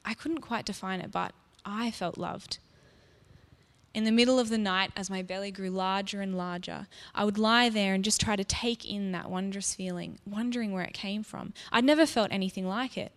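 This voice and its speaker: A woman telling a story in the first person, soft and reflective, as if confiding in the listener. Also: medium pitch, normal speed. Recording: long reverb.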